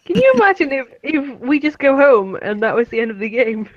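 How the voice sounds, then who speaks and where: A woman's voice: high voice, very animated, brisk, dry recording. A woman co-streamer giving casual, joking commentary on a game. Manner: giggly, joking. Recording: slightly dull, dry audio.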